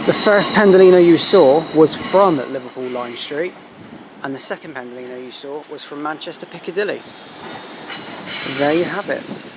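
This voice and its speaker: A man giving casual, excitable commentary on trains at a busy station, with chatty self-deprecating asides. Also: on the high side, moderate pace. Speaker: trainspotting vlogger. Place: busy railway station platform. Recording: loud station noise from trains.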